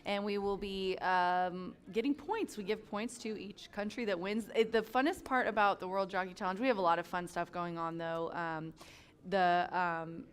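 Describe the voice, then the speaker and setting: A woman co-hosts a horse racing show in casual, upbeat chat. Her voice is smooth and clear at a middle pitch, and she laughs easily as she talks. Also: steady tone, moderate pace. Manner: chatty, upbeat, laughs often. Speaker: racing program host and handicapper.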